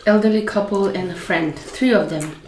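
A woman's voice: mid-range voice, normal speed, a little hiss or hum. A woman from Northeast India who is a food vlogger, telling funny stories with a laugh while eating at home. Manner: laughing, animated storytelling. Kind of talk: casual storytelling over a meal. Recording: echoey room, faint clatter of dishes.

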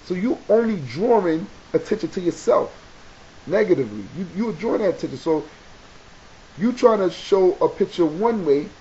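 A man with a New York accent giving a casual advice talk to camera, animated and preachy, repeating key points for emphasis. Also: high voice, moderate pace. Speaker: video blogger. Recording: dull lo-fi webcam audio with faint hiss.

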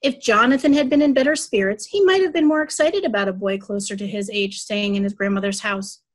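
A woman reading a children's story aloud at a church service, telling it evenly and clearly. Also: mid-range voice, steady tone, a little fast.

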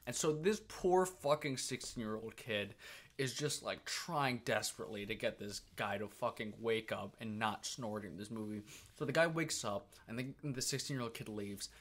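Young man, podcast co-host, casual chat, animated, profane storytelling. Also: lowish voice, moderate pace. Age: young adult.

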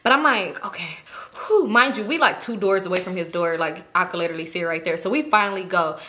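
A woman's voice: lowish voice, fast, a little hiss or hum. A young woman telling a storytime to her channel in a casual, slangy monologue, swearing freely and acting out what she said. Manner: animated, slangy, swears freely, acts out her own lines.

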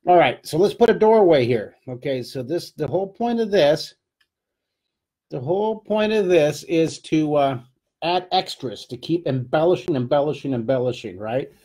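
A man's voice: fairly high pitch, expressive, moderate pace, warm tone, husky. A middle-aged man from California giving a casual, chatty live drawing lesson, talking to his viewers as he draws. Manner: chatty, upbeat, talks to viewers while drawing. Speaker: drawing teacher.

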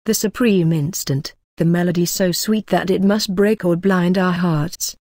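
Woman voicing an effusive young man in love, audiobook read, lowish voice, dry close sound. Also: fairly even intonation, a little slow, dark tone, no echo. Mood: ardent. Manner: effusive, poetic declarations.

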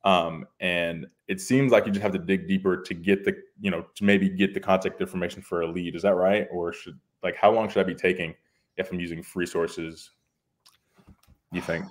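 Low-voiced young male caller. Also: fairly even intonation, normal speed. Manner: polite, hesitant, many ums. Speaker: caller asking for advice. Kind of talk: casual call-in question.

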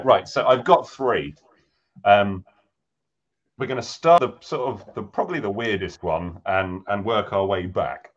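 A man's voice: on the low side, dull audio. An English man co-hosting a talk show, telling rambling jokes in a casual way. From England. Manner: joking, rambling storyteller. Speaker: co-host. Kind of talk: casual joking chat.

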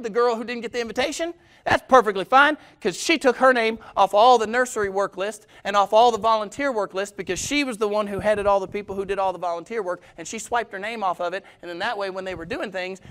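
High-voiced pastor preaching. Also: male voice, fast, few pauses, a bit bright. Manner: storytelling, asks the congregation questions, chuckles. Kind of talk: sermon.

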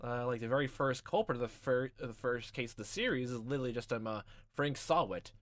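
A let's-play host with a mid-range voice talks at a quick pace while playing through a story game, rambling and joking with lots of fillers. Game music plays in the background, and there's no room sound.

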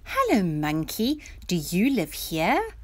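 A woman's voice: mid-range voice, wildly swooping pitch, slow, heavily acted. A woman voicing a small, curious little girl who greets animals with eager questions.

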